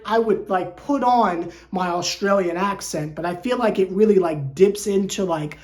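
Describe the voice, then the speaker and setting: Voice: medium pitch, normal speed, hardly any pauses. Stammering, joking sports fan host. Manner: stammering restarts, repeats words; joking, slangy, conversational. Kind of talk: casual fan commentary rant to camera. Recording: roomy echo.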